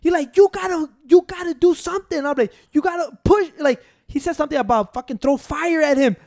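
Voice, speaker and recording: A man's voice: extremely high pitch, fairly quick, dry recording, clean studio sound. A man in casual sports chat, telling stories animatedly with lots of swearing and acted-out quotes, mixing English and Spanish. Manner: animated storytelling, acting out quotes, profanity-laden.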